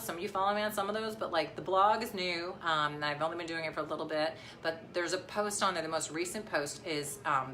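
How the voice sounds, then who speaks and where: Woman, 30s, low pitch, bright tone, chatty, rambling, casual live-stream vlog. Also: a little hiss or hum. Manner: rambling, chatty, many fillers and restarts. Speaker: vlogger and mom. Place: outdoors near the beach. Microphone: phone live stream.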